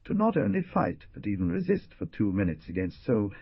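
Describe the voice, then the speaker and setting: A man narrating an adventure audiobook in an expressive storytelling manner. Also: lowish voice, fairly quick, gravelly, breathy edge, dry recording. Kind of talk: scripted narration. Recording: dull dry lo-fi.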